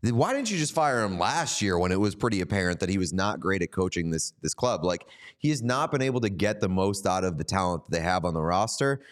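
A man's voice: low-pitched, fast talker. A young man co-hosting a hockey podcast, talking animatedly and laughing between points. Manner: animated, laughs, acts out quotes. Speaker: podcast co-host. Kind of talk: casual sports chat.

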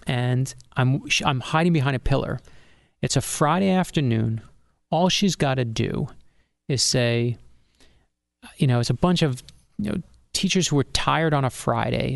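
Gravelly-voiced man telling an animated story. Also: mid-range voice, no echo, studio quality. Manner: animated storyteller acting out quoted dialogue. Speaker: author guest. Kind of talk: podcast interview storytelling.

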